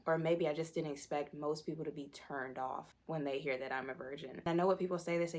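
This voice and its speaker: A woman's voice: low voice, fast, hardly any pauses, a little mellow. A young woman in her twenties, talking candidly about her life in a personal vlog. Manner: candid, self-deprecating, candid storytelling. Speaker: vlogger.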